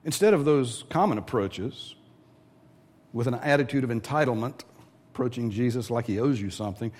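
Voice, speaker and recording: Male preacher, mid pitch, animated delivery, teaching sermon. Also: normal speed. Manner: lively preaching, acting out quoted voices. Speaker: pastor.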